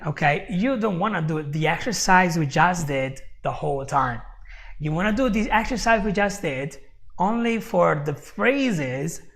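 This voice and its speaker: A man's voice: sits high, creaky, fairly bright tone. A man teaching English in a live-stream lesson, chatty, checking in with "okay?" and repeating words as he goes. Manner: repeats words while finding them.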